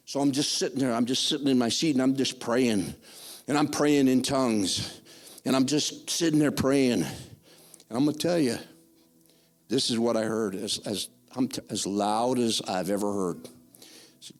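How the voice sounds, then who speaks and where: An older man giving a spoken testimony in church, rambling and excitable, with many restarts. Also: mid-range voice, moderate pace, faint music behind.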